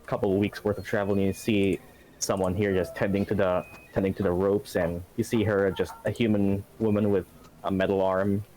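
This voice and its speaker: A man running a tabletop game narrates loosely, with a lot of fillers and frequent laughter. His voice sits on the low side. A faint hiss sits under his recording. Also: flat delivery, brisk, mellow, low-quality recording. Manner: rambling, laughing often, many fillers. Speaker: game master.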